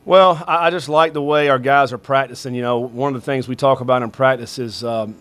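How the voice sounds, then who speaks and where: A man's voice: medium pitch, fairly even intonation, a little fast, fairly bright tone, clear, resonant tone. A middle-aged man, a head football coach, answering questions at a press conference in a rambling way full of fillers.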